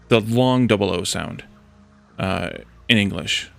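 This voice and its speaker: Here the voice is low-pitched and slow, with vocal fry and a clean, fairly bright tone, and faint music sits in the background. He's a streamer playing a building game, casually chatting with his audience, responding to chat, and narrating each step to himself as he builds.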